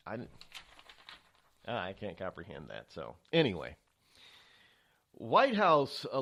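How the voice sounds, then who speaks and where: A man hosting a political talk radio show, rambling and stammering through a monologue with many restarts. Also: mid-range voice.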